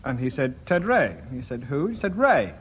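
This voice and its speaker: A man's voice: medium pitch, sing-song, normal speed. A man on a radio comedy panel, improvising a silly story in a giggly, playful way. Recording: hissy old radio broadcast.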